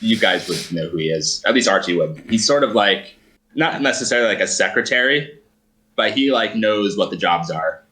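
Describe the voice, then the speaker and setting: A man's voice: on the low side, animated, moderate pace, sharp tone, rough recording. A man narrating as game master of a tabletop role-playing game, rambling and hedging as he describes scenes.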